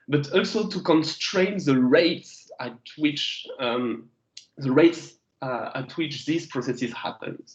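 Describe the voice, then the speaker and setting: A fairly high-pitched French man in his thirties lectures students remotely as a guest geologist, using English with a French accent. He stumbles and restarts in search of words. The recording is lo-fi video call audio with an echo.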